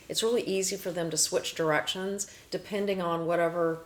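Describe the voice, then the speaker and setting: A woman with a somewhat low voice talks through her subject in a loose, chatty way. She explains in lists and often restarts a sentence midway. She sounds like a show host chatting with a guest. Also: fairly even intonation, brisk. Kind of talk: casual explanatory chat.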